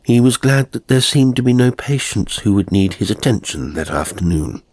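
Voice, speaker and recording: A man reading a horror story in a slow, measured scripted narration, dropping to a hush at times. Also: mid-range voice, expressive, breathy edge.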